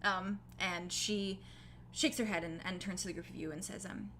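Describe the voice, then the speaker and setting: Young woman as game master: bright, casual narrator who fills gaps with um. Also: fairly low pitch, fairly even intonation, normal speed, slight background noise. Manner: casual, many fillers like um.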